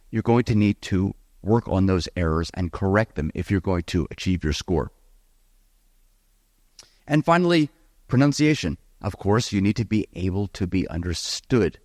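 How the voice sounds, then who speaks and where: A man teaching a live seminar on the speaking exam, lively and encouraging, talking straight to his audience. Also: lowish voice, dry recording, clean studio sound. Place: event hall with audience.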